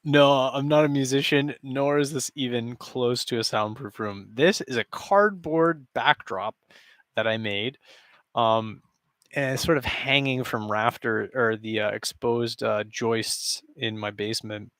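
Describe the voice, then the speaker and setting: A man's voice: medium pitch, unhurried, fairly bright tone, dry recording, clean studio sound. A man casually chatting and joking with his stream viewers from his basement, rambling with frequent chuckles. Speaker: live streamer. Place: basement room with a cardboard backdrop.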